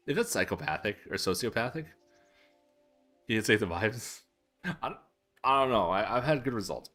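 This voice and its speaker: Animated young man streaming live. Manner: animated, self-amused storyteller with laughs and squeaky pitch jumps. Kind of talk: casual live-stream chat while coding. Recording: faint music behind.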